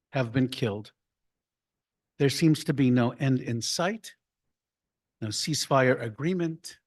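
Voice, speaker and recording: A man, a rabbi, giving a slow, deliberate report and story to his congregation at an annual meeting. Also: medium pitch. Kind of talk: congregational address. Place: room filled with people.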